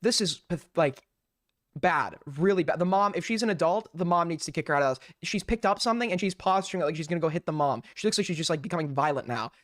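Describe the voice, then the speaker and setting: A man's voice: on the high side, quick pace, a bit bright, no echo, studio quality. A man hosting a live stream, mocking what he watches in profane, ranting commentary. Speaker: streamer host.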